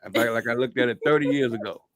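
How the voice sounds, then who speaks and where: A middle-aged man co-hosting a casual chat show, folksy and quick to laugh, often repeating himself. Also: medium pitch, no room sound, studio quality. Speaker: co-host.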